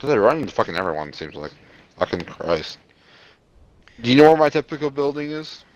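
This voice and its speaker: A man's voice: mid-range voice, sing-song, moderate pace, slight background noise. A man chatting with a teammate during a shooter game, in short, offhand remarks. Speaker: gaming teammate. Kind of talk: casual game chat.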